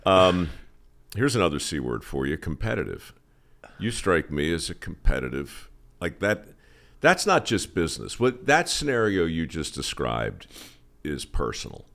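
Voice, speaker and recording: A man's voice: sits low, big pitch swings, a little slow, vocal fry, fairly bright tone. A man hosting a podcast interview, chatting casually with wry, chuckling remarks. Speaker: podcast host.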